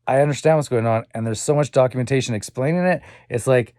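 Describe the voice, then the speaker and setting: A man's voice: mid-range voice, quick pace, dark tone, no room sound, studio quality. A young man talking in a rambling, repetitive personal monologue, swearing often and muttering asides. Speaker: vlogger.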